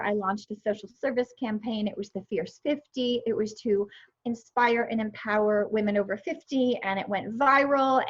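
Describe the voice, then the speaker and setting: Animated woman in her fifties, lo-fi. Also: a little high. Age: 50s. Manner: animated storyteller, acts out her own past remarks. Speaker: guest. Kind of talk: casual interview chat. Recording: dull lo-fi sound.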